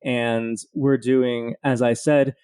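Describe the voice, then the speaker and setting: Southern-accented man, mellow voice. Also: mid-range voice, level tone, slow pace, smooth. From Louisiana. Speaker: podcast co-host. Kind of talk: scripted intro then casual chat.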